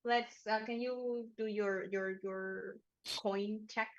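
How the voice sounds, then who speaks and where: A woman's voice: medium pitch, fairly even intonation, slow pace, dull audio. A woman narrating a tabletop game as game master, chatty and laughing often.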